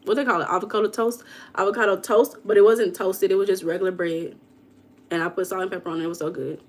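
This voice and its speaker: A woman chats on her livestream. She greets viewers by name and answers their comments. Her storytelling is loose and dramatic, and her voice sits at a middle pitch. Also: steady tone, quick pace. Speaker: livestream host. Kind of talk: casual livestream chat.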